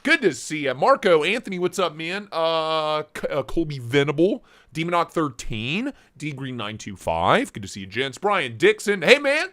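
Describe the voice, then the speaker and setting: A man's voice: a little high, expressive, moderate pace, few pauses, a bit bright. A man hosting a casual live stream, joking around and greeting viewers by name. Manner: playful, jokey, reads chat names aloud. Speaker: livestream host.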